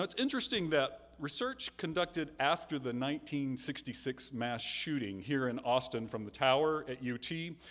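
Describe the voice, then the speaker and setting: A man's voice: fairly high pitch, fairly bright tone. A male minister giving a sermon, telling a story with earnest, self-deprecating humor. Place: large church sanctuary. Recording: long hall reverb.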